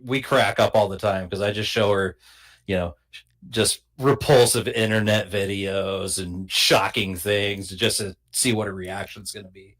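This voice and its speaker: Casual co-host man, low voice, unfiltered and jokey. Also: fairly even intonation, measured pace, a bit bright. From Portland, USA. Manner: blunt, jokey, laughs a lot. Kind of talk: casual chat.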